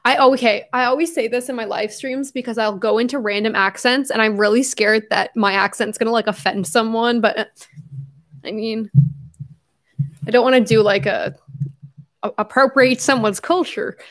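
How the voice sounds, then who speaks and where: Chatty young woman, fairly high voice. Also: fairly even intonation, normal speed. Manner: chatty, rambling, laughs often, many fillers. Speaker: YouTuber hosting a livestream. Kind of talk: casual livestream chat.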